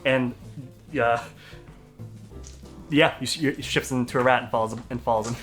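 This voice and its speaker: A young man narrating as dungeon master, talking in a halting way with many fillers and restarts. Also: mid-range voice, steady tone, a bit bright, faint music behind. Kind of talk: narrating a tabletop game.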